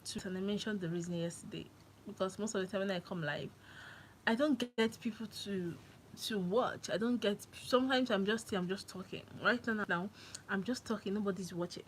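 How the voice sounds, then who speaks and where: A young woman from Nigeria chatting on a live stream from her phone, excitable and laughing often. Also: medium pitch, brisk, slight background noise, rough recording. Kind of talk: casual live-stream chat.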